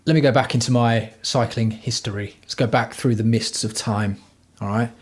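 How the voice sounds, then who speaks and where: A man's voice: mid-range voice, steady tone, normal speed, slightly rough. Blunt, swearing man on a livestream. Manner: profane, blunt, rambling. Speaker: livestream host. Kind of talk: casual rambling livestream chat. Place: at home.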